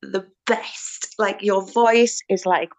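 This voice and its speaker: Young woman guest, bubbly and effusive, mid-pitched voice, dry sound. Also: steady tone, slow pace, no echo. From Northeast England. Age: young adult. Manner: bubbly, effusive, says "like" often. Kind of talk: casual interview.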